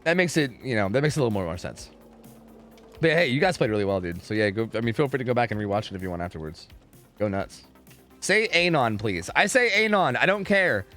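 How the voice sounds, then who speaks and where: A young man streams a game from home, chatting casually and profanely with his viewers and ranting with lots of energy as he talks to chat. His voice is fairly low and a little fast, with soft music in the background.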